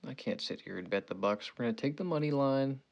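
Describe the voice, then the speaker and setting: Speaking fast and expressively in a mid-range, creaky, slightly mellow voice, a young man hosts a sports betting show with lo-fi sound. He jokes, rambles, and swears casually as he hands out picks, ending lines with "okay" and "you know".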